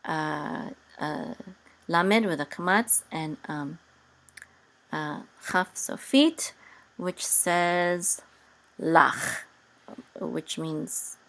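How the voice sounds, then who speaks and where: A woman teaching Hebrew reading over a video call, patient and hesitant with many pauses, now and then chanting words in a sung tone. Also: low-pitched, vocal fry, a bit bright.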